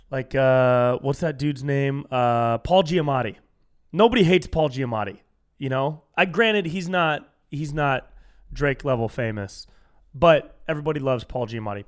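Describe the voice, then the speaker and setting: A young man from California hosting a solo comedy podcast, telling casual stories and acting out strangers he quotes. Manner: animated storytelling, acts out quoted strangers in higher voice.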